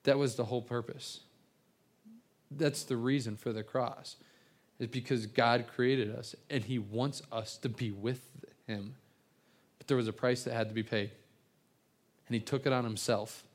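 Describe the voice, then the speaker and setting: A man preaching an evening sermon. He tells stories in an earnest way, often stumbling and repeating words before finishing a thought. His voice sits at an ordinary middle pitch. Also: steady tone, a little slow, long pauses. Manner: earnest storytelling with many repeated words and restarts. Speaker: pastor.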